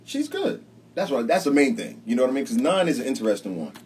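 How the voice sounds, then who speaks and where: A man, hosting a casual chat, laughing often and shouting out listeners. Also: mid-range voice, sing-song, fast. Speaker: podcast host. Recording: slightly distant mic, faint background noise.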